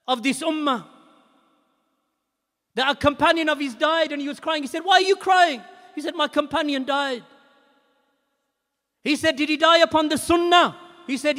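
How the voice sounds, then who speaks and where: A man preaching a sermon, emphatic and repetitive, at times rising to shouts. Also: very high voice, in a large hall.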